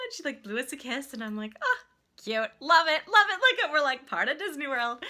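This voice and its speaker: A woman vlogger casually telling a family trip story, gushing and animated, saying "like" constantly. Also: a little high. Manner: animated and gushing, heavy use of "like".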